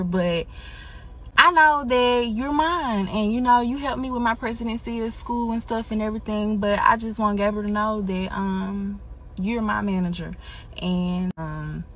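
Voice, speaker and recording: A woman recording a casual, heartfelt tribute message, joking at first and then going soft as she gets emotional. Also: medium pitch. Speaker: church member giving a tribute.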